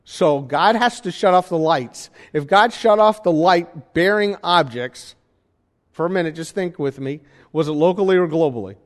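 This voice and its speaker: Guy preaching in a big echoey church, bit higher pitched, chatty and asks the crowd stuff. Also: normal speed. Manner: conversational, asks the congregation questions. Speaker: pastor. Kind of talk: sermon. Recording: reverberant hall.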